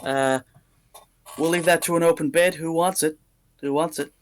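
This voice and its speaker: A man voicing a loud male half-orc auctioneer who rattles off bids in hearty patter. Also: a little high, steady tone, normal speed, slight background noise, pitched above the performer's own voice, lightly acted. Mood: hawking.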